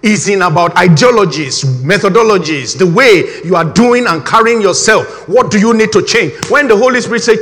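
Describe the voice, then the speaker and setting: Middle-aged man, high voice, animated repetitive sermon delivery. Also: normal speed, hardly any pauses. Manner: animated, emphatic, repeats key phrases. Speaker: preacher. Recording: reverberant hall.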